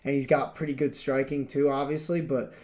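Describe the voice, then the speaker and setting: A man's voice: medium pitch, level tone, a little fast, darkish tone. A young man co-hosting a podcast, talking in a rambling, emphatic casual way with lots of fillers. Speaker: podcast co-host. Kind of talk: casual chat.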